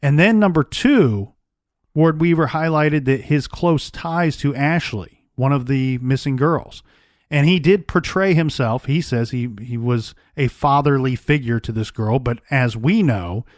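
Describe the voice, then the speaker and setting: A man co-hosting a true crime podcast, recounting the case in a measured, storytelling way. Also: medium pitch, no echo, studio quality. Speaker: podcast co-host.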